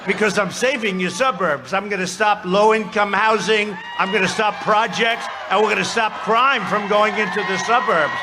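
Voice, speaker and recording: A man giving a rally speech from a podium microphone, boastful and mocking, with rambling asides. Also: high-pitched. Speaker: political speaker at a rally. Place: outdoor campaign rally before a large crowd. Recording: loud cheering crowd behind the speaker. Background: crowd noise and cheering.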